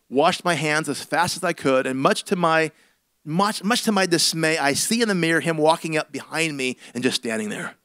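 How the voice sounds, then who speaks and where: Man preaching, high bright voice, dry close sound, comic storytelling, swings loud to hushed. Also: dry recording. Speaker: senior pastor. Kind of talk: storytelling sermon.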